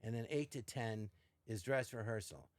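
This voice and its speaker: Speaking at a normal pace in a lowish voice, this older podcast guest chats casually and tells stories, performing quotes in a range of voices with real animation. There's no echo on the recording.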